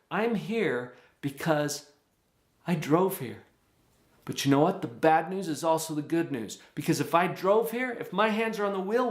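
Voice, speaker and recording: A man hosting a show, giving an animated motivational talk and acting out quoted voices. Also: fairly high pitch. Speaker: show host. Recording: echoey room.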